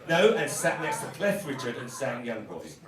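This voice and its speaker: A man's voice: medium pitch, big pitch swings, normal speed, very noisy. A man performing as a drag queen comedian, delivering a camp, bawdy stand-up roast on a live stage. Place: live pub venue stage. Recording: echoey venue, mic at a distance. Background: laughing crowd.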